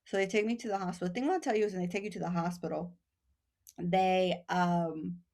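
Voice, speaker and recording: A woman's voice: on the low side, quick pace. A woman from Texas, a podcast guest, telling a long story in casual chat, acting out the voices of the people in it and laughing often. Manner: animated, acts out quoted voices, laughs often.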